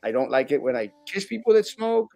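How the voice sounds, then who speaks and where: A sitting school board member, appearing as a guest on a talk show, speaks casually and with feeling in a slightly high, slightly quick voice with vocal fry and no room sound. He's animated, mimicking his critics in mocking voices, and his speech is full of restarts and fillers.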